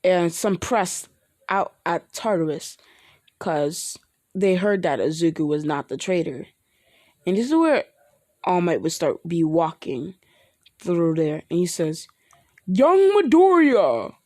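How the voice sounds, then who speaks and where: A woman narrates an improvised fan story, rambling and restarting as she goes. Her voice is lowish and mellow. The sound is dry and close. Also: a little slow, no room sound.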